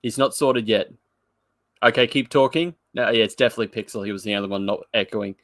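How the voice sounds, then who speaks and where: A man's voice: fairly low pitch, fast, fairly bright tone, no room sound. A man co-hosting a live review podcast, chatting casually with jokes, frequent laughs and loose, rambling sentences. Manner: jokey, laughs often, rambling. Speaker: podcast co-host.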